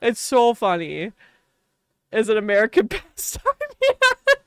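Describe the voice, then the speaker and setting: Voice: mid-range voice, huge pitch swings, measured pace, fairly bright tone, clean tone, no room sound, clean studio sound. A young adult game streamer with a strong Wisconsin Midwestern accent, chatting casually and playfully mocking their own way of talking.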